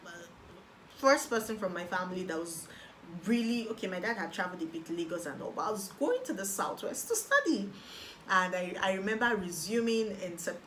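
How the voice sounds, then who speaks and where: A young woman with a Nigerian accent recounts her own story in a lively, expressive way, putting on the voices of the people she quotes. Her pitch sits in the middle range. A faint hiss of background noise runs under the recording. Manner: animated storyteller who acts out quoted voices. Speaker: guest telling her life story. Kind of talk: personal testimony.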